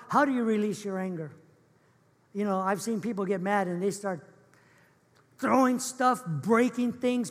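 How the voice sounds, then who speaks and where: High-voiced man preaching, echoey hall. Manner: earnest, emphatic, repetitive. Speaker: pastor. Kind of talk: sermon.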